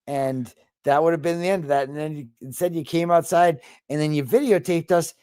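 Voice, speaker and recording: A man's voice: fairly high pitch, fairly quick, clean tone, no echo, studio quality. A man telling a story with a lot of swearing, in a casual chat over a video call. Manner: animated storytelling, frequent swearing. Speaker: guest.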